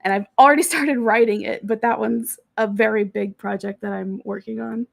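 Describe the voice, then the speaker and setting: A woman from Texas, a voice actor and podcast guest, chatting casually about her work, talking in quick bursts and laughing often. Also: a little high, steady tone, vocal fry.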